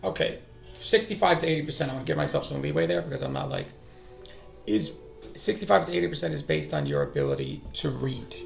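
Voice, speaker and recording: A man's voice: on the high side, expressive, quick pace, vocal fry, faint music behind. A middle-aged man hosting a language-learning stream, talking casually and thinking aloud, often trailing off and restarting. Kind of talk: casual live-stream talk.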